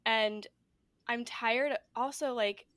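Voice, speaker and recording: A woman's voice: on the high side, fairly even intonation, takes it slowly, fairly bright tone, no echo. A woman hosting a casual podcast conversation, rambling along with lots of fillers and "like"s. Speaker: podcast host.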